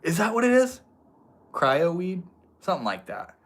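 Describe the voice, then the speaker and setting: A man's voice: sits high, wildly swooping pitch, moderate pace, a bit bright. A man from Maine hosting a casual livestream, reading and answering chat comments in a laid-back, slangy way, calling viewers homie and bro. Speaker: livestream host.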